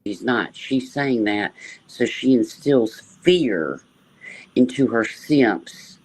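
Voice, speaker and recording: A man's voice: mid-range voice, lively intonation, slow pace. A man in a played clip, speaking dismissively and making accusations about another streamer. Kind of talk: livestream commentary clip.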